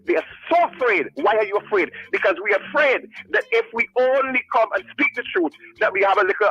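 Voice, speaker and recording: A man's voice: sits high, pushed and bright, breathy edge. Passionate man calling in by phone. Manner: impassioned, repetitive, preachy. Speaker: caller. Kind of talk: passionate call-in radio rant. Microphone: phone call. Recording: muffled phone line.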